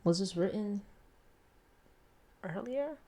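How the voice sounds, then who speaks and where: A young woman chatting casually as she reacts to an album, slangy, laughing often and trailing off into quiet asides. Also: medium pitch, animated, slow pace. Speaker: music reaction host.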